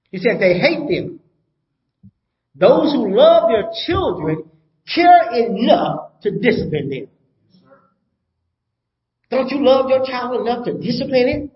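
A man's voice: sits high, reverberant, highs cut off. An older man preaching a sermon as pastor, emphatic, repeating his points and asking the congregation rhetorical questions.

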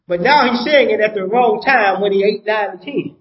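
A man's voice: high-pitched, moderate pace, roomy sound, lo-fi sound. An older man preaching a sermon as pastor, emphatic, repeating his points and asking the congregation rhetorical questions.

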